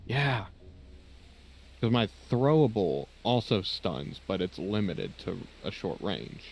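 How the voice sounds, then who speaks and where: Gravelly low-voiced man calling plays. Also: expressive, slow pace, darkish tone. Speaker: streamer. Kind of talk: casual gaming chat.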